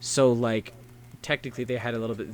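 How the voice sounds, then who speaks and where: Talking fast in a mid-range voice with fairly even intonation, this co-host of a casual history podcast rambles and swears through the story. He breaks into silly shouting voices for historical figures. There's slight background noise.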